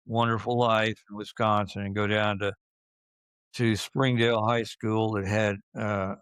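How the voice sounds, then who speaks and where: An older man in his seventies recounting his youth in an unhurried, halting way, full of fillers and restarts. His voice sits low and sounds smooth and resonant, recorded dry and close. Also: flat delivery, fairly bright tone, no room sound. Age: 70s. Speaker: interviewee recalling his youth. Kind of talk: casual reminiscing.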